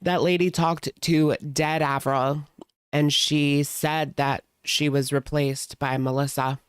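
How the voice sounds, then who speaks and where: A woman's voice: low-pitched, little pitch movement, slow, clean tone, dry recording. A woman hosting casual reaction commentary, chatty and sarcastic, leaning on "like" as she talks close to the mic at home. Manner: sarcastic, chatty, heavy use of "like". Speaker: commentary host.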